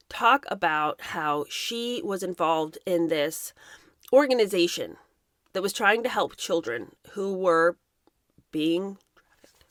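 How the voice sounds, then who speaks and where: A woman's voice: on the low side, fairly bright tone, no room sound, studio quality. A woman in her thirties hosting impassioned commentary, talking emphatically and indignantly, sometimes mocking the people she talks about. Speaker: commentary host.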